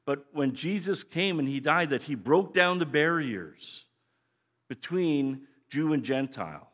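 A man's voice: fairly high pitch, animated, measured pace, fairly bright tone. A man teaching scripture as a pastor in a conversational, explanatory way, often restarting his phrases. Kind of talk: sermon teaching.

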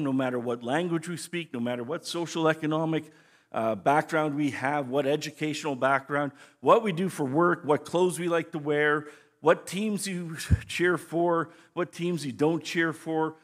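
A man teaching scripture as a pastor in a conversational, explanatory way, often restarting his phrases. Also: a little high. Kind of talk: sermon teaching.

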